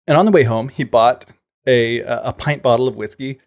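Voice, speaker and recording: Male podcast co-host, mid-pitched and gravelly, casual chatty folk-tale retelling. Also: a little fast. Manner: loose storytelling peppered with fillers and paraphrased quotes.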